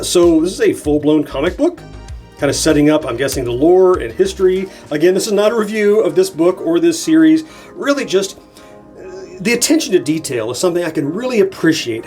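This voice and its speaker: Chatty man unboxing with enthusiasm. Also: fairly high pitch. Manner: chatty, enthusiastic, thinking aloud. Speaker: host of a nostalgia channel. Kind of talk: casual unboxing narration. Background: soft background music.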